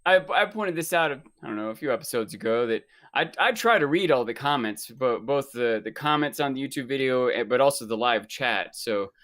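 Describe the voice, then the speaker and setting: A man co-hosting a podcast, talking in a relaxed, easygoing way. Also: medium pitch, a little fast, few pauses. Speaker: podcast co-host. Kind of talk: casual chat.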